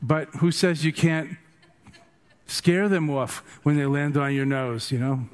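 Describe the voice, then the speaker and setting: A man's voice: on the high side, fairly even intonation, measured pace, very noisy. An older man, a meditation teacher, giving a dharma talk full of humorous, rambling stories.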